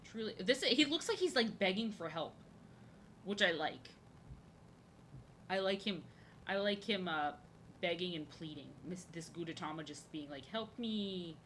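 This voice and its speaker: A woman's voice: on the low side, animated, moderate pace, long pauses, a bit bright, slight background noise. A woman streaming as she draws, chatting casually in a rambling, jokey way and repeating her phrases. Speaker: live-streaming artist. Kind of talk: casual chat while drawing on stream.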